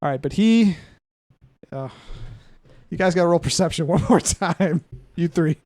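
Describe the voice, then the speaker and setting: A man with a fairly high voice narrates a tabletop game as its game master, lively and quick to laugh as he describes the action. The sound is dry and close, with no room around it. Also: dry recording.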